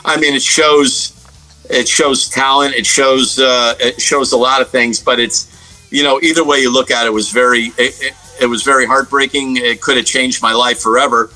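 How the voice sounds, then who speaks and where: A man's voice: medium pitch, fairly even intonation, normal speed, bright, forceful tone, soft background music, poor audio. A middle-aged man from the United States, a guest guitarist telling stories in a casual interview, rambling with many fillers and restarts.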